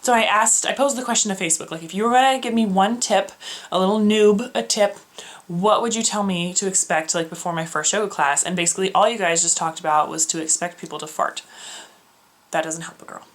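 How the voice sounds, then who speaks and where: A woman's voice: mid-range voice, fairly quick. Chatty young woman telling a story. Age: young adult. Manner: animated storytelling, acting out quoted whispers and voices; frequent filler words and self-corrections. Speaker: beauty vlogger.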